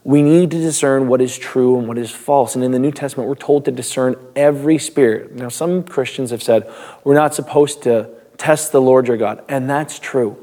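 Male pastor, mid-pitch, conversational devotional teaching, loose and unscripted. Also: normal speed, mellow. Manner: reads scripture, then talks loosely with restarts and small laughs.

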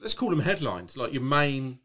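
A man's voice: medium pitch, very animated, moderate pace, crowd noise. A man chatting on a podcast, rambling through a story with lots of restarts and swearing. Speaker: podcast co-host. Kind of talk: casual chat.

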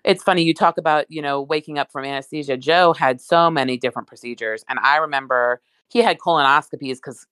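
A woman's voice: deep voice, quick pace, few pauses, fairly bright tone, clean tone, dry recording. A woman talking in casual chat, rambling with lots of asides.

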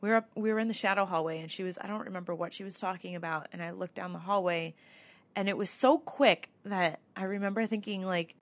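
A woman's voice: mid-range voice, fairly even intonation, fast talker. A woman co-hosting a podcast, telling a ghost-hunt story in a chatty way, with lots of fillers and laughs. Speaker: podcast co-host. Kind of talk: casual chat.

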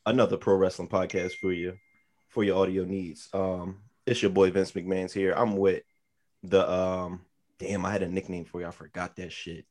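A man's voice: sits low, steady tone, moderate pace, darkish tone. A man hosting a wrestling podcast in casual chat, talking loosely and rambling with plenty of "like" and casual cursing. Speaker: podcast host.

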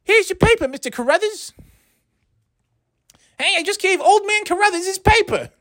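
Squeaky old-timey newsboy. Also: male voice, expressive, normal speed, exaggerated voice. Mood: brash hawking. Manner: shouted high-pitched sales patter. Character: old-timey newsboy, young, brash street-corner hawker.

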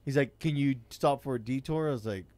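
A man's voice: mid-range voice, fairly quick, a little mellow, dry recording. A man, telling a rideshare-driving story in blunt, profane casual chat.

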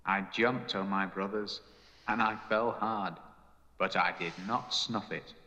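An actor playing a young male delinquent who narrates his own fall in a slow, wry manner, heard as muffled film audio. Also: on the low side, steady tone, bright, forceful tone, long reverb tail. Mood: rueful.

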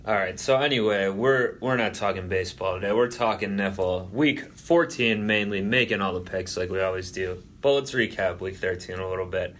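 A man's voice: low-pitched, moderate pace, hardly any pauses, a bit bright, a little hiss or hum. A young man hosting a casual sports podcast, joking and bantering with his co-hosts. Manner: jokey, banter-driven, rambling. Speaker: podcast host.

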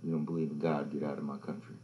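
A young man co-hosting a casual podcast chat, speaking in a dry, low-key, matter-of-fact way. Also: flat delivery, rapid-fire, lo-fi sound.

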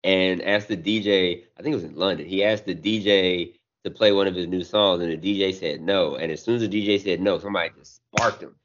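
A man's voice: low-pitched, fairly even intonation, brisk, hardly any pauses, a bit bright. A man co-hosting a podcast, chatting loosely with crude jokes and banter. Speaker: podcast co-host. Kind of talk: casual chat. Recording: dull lo-fi sound.

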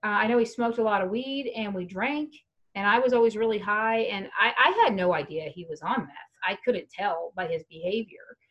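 A woman's voice: medium pitch, normal speed, lo-fi sound. A young adult woman telling a long, frank, rambling story in casual chat, laughing now and then. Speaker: guest storyteller.

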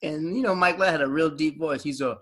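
Guy hosting a chat, bit higher voice, does funny quotes. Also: a little fast. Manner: animated, acts out quotes in a lower voice. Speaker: podcast host. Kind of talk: casual chat.

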